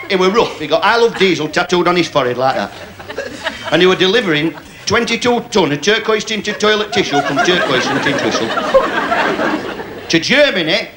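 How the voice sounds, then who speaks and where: Yorkshire stand-up comic, high lively bright voice, broad dialect, audience behind. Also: male voice, slight background noise. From Sheffield, England. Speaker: stand-up comedian. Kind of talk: stand-up joke telling on a TV game show. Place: TV studio stage. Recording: studio audience laughter behind.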